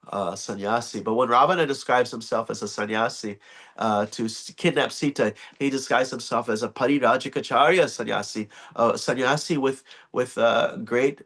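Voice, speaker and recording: Male scripture class teacher in a temple, mid-pitched, animated and chuckly storyteller. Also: vocal fry, husky. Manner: animated, chuckling, loosely phrased. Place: temple hall.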